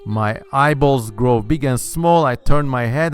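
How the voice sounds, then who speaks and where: A man with a sibilant voice, a talkative channel host answering fan questions in a casual monologue, swearing freely and switching between quick and drawn-out delivery. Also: mid-range voice, soft background music.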